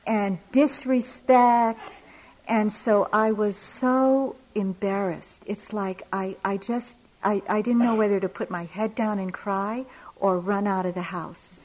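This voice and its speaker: Middle-aged woman teacher, warm storytelling dharma talk, unhurried with light laughs. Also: mid-range voice, poor audio. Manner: gentle storytelling with soft laughs. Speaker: meditation teacher. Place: retreat center hall.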